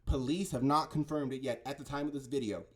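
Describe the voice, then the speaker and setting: A man's voice: mid-range voice, fairly even intonation, brisk. A man talking in a casual, rambling monologue, insistent and often stumbling over his words. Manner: insistent, keeps asking "right?" and "okay?". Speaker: conspiracy commentator.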